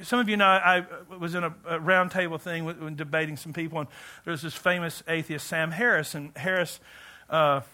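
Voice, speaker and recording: A middle-aged male pastor preaching a sermon, animated and joking, swinging between loud outbursts and hushed asides. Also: fairly high pitch, moderate pace.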